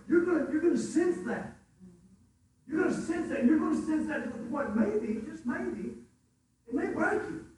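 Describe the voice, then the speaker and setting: A man preaching a fervent sermon, swinging between quiet asides and shouted praise, recorded from afar in a church hall. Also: very high-pitched. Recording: echoey hall from far off.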